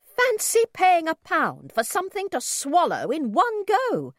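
A woman voicing an indignant, sharp-tongued mother who speaks slowly and emphatically, in a storybook reading. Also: very high-pitched, wildly swooping pitch, no room sound, studio quality, voice pushed up, exaggerated voice. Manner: emphatic, slow, outraged.

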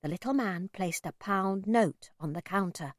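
A woman narrating a first-person children's story in an expressive, measured reading. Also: mid-range voice, no room sound, clean studio sound. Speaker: audiobook narrator.

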